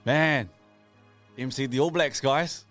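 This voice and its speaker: A man's voice: medium pitch, slow, fairly bright tone, soft background music. A man co-hosting a casual radio show, upbeat and leading the segments. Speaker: co-host.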